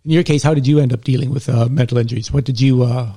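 A male interviewer asks a veteran about his experiences. His voice is mellow and gravelly. He often restarts and repeats words as he shapes each question. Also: mid-range voice, fairly even intonation, fast talker.

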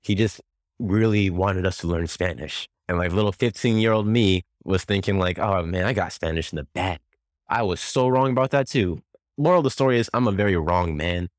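A young man hosting a podcast, speaking in a relaxed, easygoing way and saying "like" often. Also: lowish voice, brisk, no echo, clean studio sound. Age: young adult. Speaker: podcast host. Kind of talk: casual chat.

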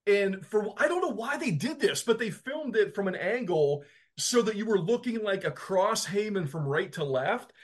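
A man co-hosting a wrestling podcast, telling stories in an animated way and laughing often. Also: high-pitched, moderate pace. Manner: animated, laughing, emphatic storyteller. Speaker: podcast co-host. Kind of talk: casual chat.

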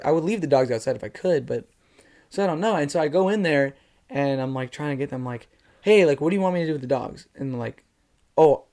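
A young man chatting casually as a podcast co-host, an animated storyteller who fills his talk with slang and "like". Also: fairly high pitch. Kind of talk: casual chat.

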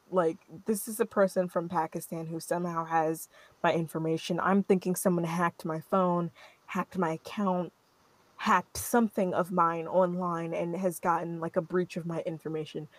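A woman's voice: lowish voice, normal speed, no echo. Young woman telling a story, dry sound. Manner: animated, rambling, lots of "like" fillers. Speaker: podcast host. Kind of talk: casual storytelling chat.

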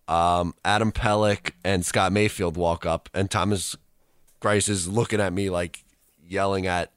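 Young man with a low voice, telling a rambling story. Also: no room sound, studio quality. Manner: rambling storyteller, laughs through anecdotes. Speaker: co-host, student radio reporter. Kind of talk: casual podcast chat.

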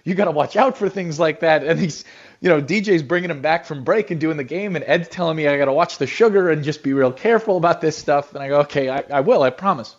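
A radio host telling a casual anecdote, an animated storyteller with frequent restarts, heard on a radio clip. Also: male voice, fairly high pitch, fast, lo-fi sound.

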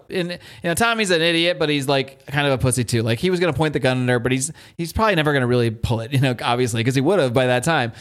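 Man animatedly recapping a comic. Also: a little high. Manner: animated retelling, acts out quotes. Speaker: podcast co-host. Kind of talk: casual comic book discussion.

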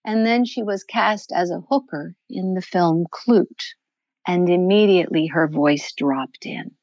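A woman's voice: medium pitch, no echo, muffled recording. An older woman, a voice coach, talks in a podcast interview and shifts her voice up and down to show what she means. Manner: expressive, demonstrates voices while explaining.

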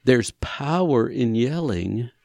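A man's voice: medium pitch, slow pace, vocal fry, no echo, clean studio sound. A man who leads men's retreats, explaining ideas conversationally, acting out little dialogues and hammering points with repetition. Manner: animated, acts out dialogue, rising emphasis, repeats phrases. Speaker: counselor leading men's retreats. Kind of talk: conversational teaching on a talk show.

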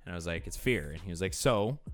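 A man telling a story in a casual podcast chat, relaxed and laughing often. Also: low-pitched, fast, faint music behind.

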